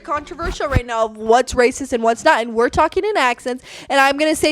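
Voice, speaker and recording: A woman's voice: sits high, fairly quick, hardly any pauses. A young woman co-hosting a casual podcast, chatty and teasing, recorded indoors on camera. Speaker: podcast co-host. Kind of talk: casual chat. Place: indoor room, filmed on camera.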